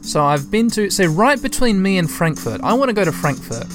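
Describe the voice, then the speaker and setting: A man's voice: sits high, big pitch swings, a little fast, over music. A man giving casual gameplay commentary as a let's-play host, chatty and thinking aloud as he talks to his listeners.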